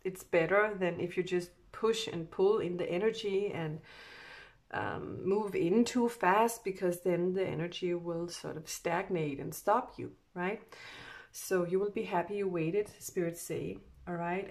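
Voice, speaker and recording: A woman reads oracle cards in a relaxed, chatty way. She speaks at an unhurried, drawn-out pace, circling back on her thoughts and breaking into soft little laughs along the way. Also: fairly low pitch. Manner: slow, meandering, with frequent soft laughs. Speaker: oracle card reader. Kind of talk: casual spiritual card reading.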